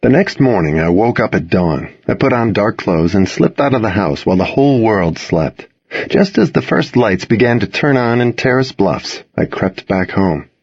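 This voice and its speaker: A man with a low, husky voice narrates a novel in the first person, unhurried and close. The sound is dry with no room around it, and the recording is a little dull and lo-fi. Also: expressive, a little mellow, no echo. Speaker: audiobook narrator.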